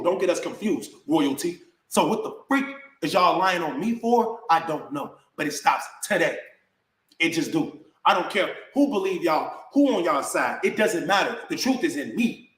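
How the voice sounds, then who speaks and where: A man's voice: fairly high pitch, animated, moderate pace, a bit bright, reverberant. A man venting in a heated rant to the camera, indignant and repetitive, calling his viewers bro. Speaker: vlogger.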